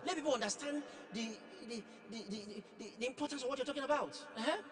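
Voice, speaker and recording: A man's voice: very high voice, quick pace, fairly bright tone. A male pastor preaching emphatically and questioning a testimony giver, repeating words to stress his points. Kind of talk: sermon with live testimony questioning. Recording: noisy church hall with long echo.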